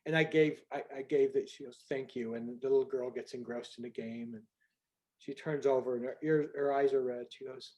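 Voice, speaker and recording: An older man telling a personal story on a group video call in an earnest, conversational way, going soft at the moving parts. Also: medium pitch, steady tone, moderate pace. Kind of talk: storytelling talk.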